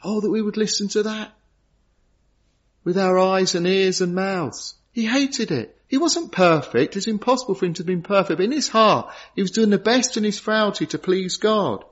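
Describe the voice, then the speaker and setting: A man's voice: high voice, animated. Earnest middle-aged man preaching. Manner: earnest, pausing in short phrases, rising to emphasis. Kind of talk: sermon. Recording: dull lo-fi sound.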